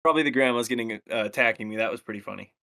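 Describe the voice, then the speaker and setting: Young guy, bright tone, laid-back podcast co-host who hesitates and thinks out loud. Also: medium pitch, racing, vocal fry, clear, resonant tone. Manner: relaxed, hesitant, thinks aloud with ums. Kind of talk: casual chat.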